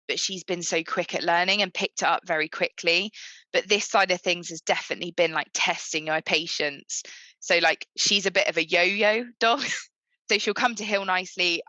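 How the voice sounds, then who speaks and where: A woman's voice: fairly low pitch, pushed and bright, no room sound. A young woman in her twenties, a guest on a podcast, chatting casually about her puppy and often saying "like". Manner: chatty, frequent "like" fillers. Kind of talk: podcast interview.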